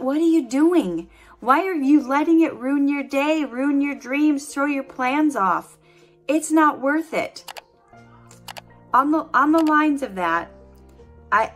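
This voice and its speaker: A middle-aged woman at home giving earnest, animated motivational advice to camera, laughing easily. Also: high-pitched. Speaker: vlogger giving life advice. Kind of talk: casual motivational talk to camera.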